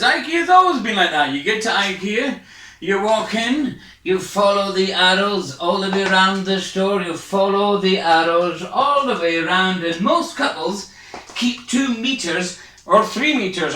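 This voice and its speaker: Breathless, jittery Scottish comedian. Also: male voice, high-pitched, lively intonation, normal speed, sharp tone, a little hiss or hum. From Scotland. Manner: hyper, rambling, self-mocking. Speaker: stand-up comedian. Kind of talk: online stand-up set. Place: his home. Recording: echoey room, far from mic.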